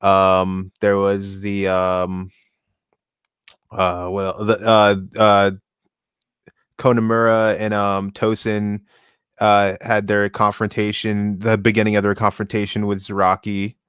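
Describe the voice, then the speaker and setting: A man co-hosting a relaxed discussion stream, pausing often to find his words. His low voice stays level and even. It sounds smooth and close, with no room sound. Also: no echo. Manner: halting, searching for words mid-sentence. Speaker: co-host reading the series.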